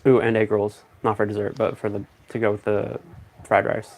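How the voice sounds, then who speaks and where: A man chatting casually on a stream, rambling and thinking out loud in a relaxed way. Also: on the low side, moderate pace, gravelly. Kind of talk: casual chat.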